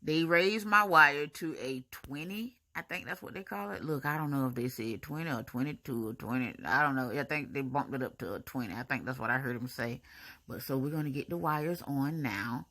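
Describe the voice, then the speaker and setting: A woman's voice: extremely low pitch, brisk. A woman, chatting to viewers in a casual voice-over about her braces appointment. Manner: chatty, animated, talks to viewers as y'all, honey and baby.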